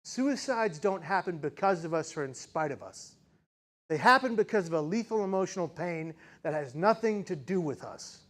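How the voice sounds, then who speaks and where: A man in his forties giving a personal storytelling speech as a keynote speaker, dramatic and shifting between loud intensity and hushed quiet. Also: sits high, lively intonation, moderate pace. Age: 40s.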